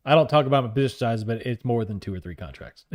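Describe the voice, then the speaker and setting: Speaking fast in an expressive, medium-pitched voice, this man runs a live trading stream. He calls out prices, talks to the market to coax it along, and reads his chat aloud with cheerful jokes.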